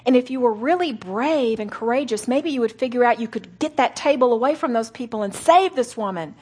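A middle-aged woman delivers a sermon to a room of women, her voice somewhat husky. She pitches a touch higher than most women. She slows right down for emphasis and sometimes sinks into a whisper. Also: lively intonation. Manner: earnest, with slow emphatic phrases and soft whispered asides. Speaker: speaker at a women's gathering.

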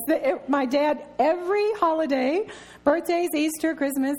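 Woman, middle-aged, Bible study teacher, story-driven and giggly, pitched a bit high. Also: moderate pace, a little mellow. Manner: laughs often while telling stories.

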